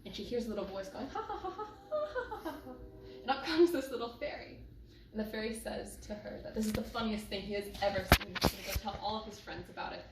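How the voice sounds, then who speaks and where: A woman telling a folktale aloud, unhurried and leaning on emphatic repetition. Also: fairly high pitch. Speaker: storyteller. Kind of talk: oral folktale storytelling. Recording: echoey room, distant mic, noisy background.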